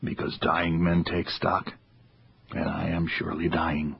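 A man's voice: low voice, completely flat delivery, a little slow, vocal fry, slightly rough, highs cut off, exaggerated voice. A man voicing a dying old father who is wry and stubborn, in an audiobook. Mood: grave.

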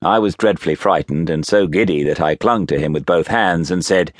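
A man narrating a classic novel as an audiobook, in an expressive, measured storytelling manner. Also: deep voice, no room sound, clean studio sound.

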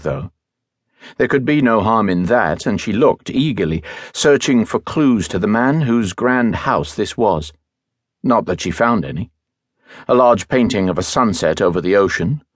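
A man reading an audiobook as narrator, in a measured, even storytelling manner, close to a studio microphone. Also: fairly low pitch, dry recording. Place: recording studio.

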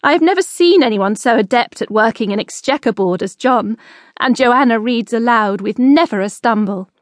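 Woman reading a soft-spoken noblewoman, higher voice. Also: normal speed, no echo, clean studio sound, close to an everyday voice. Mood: fond. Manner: warm, soft-spoken, anxious to please. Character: gentle, fond noblewoman, sister-in-law.

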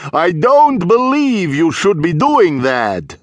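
A male narrator puts on a vampire count with a calm, booming voice, polite yet commanding. He speaks slowly and grandly, lifted above the narrator's own pitch. It is a storybook reading recorded dry and close. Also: no room sound, full character voice.

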